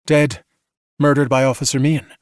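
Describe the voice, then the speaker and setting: A man's voice: mid-range voice, flat delivery, normal speed, dry recording, clean studio sound, lightly acted. A man voicing a wary woman soldier, clipped and terse. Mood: tense.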